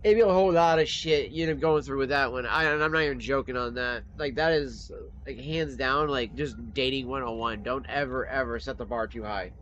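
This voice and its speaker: A man streaming and chatting casually, telling stories in a blunt, profane, animated way. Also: medium pitch, a little fast, lo-fi sound, slight background noise. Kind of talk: casual chat while gaming.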